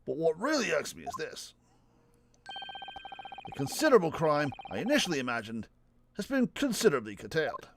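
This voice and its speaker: A man voicing a young male defense lawyer in a game, laying out deductions in a measured, explanatory way. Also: a little high, huge pitch swings, gravelly, fairly bright tone, slight background noise, voice pushed up, full character voice. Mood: explaining.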